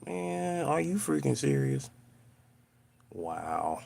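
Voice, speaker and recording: Gravelly low-voiced man ranting on a live stream. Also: unhurried. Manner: animated, exasperated ranting with slang. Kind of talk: casual live-stream chat. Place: home.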